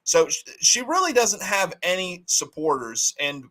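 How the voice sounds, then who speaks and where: A man's voice: sits high, sing-song, a little slow, pushed and bright. A man hosting a casual political livestream, talking bluntly and arguing his opinions. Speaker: livestream host.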